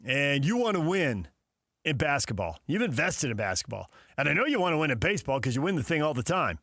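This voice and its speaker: A man's voice: fairly high pitch, sing-song, brisk, a bit bright, dry recording, clean studio sound. A man hosting a sports talk show, riffing casually with sarcastic asides and mock dialogues.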